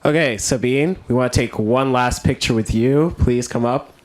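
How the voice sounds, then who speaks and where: A man's voice: mid-range voice, normal speed, a little hiss or hum. A man acting as emcee, casually making closing announcements at a live event. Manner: relaxed, casual, friendly wrap-up.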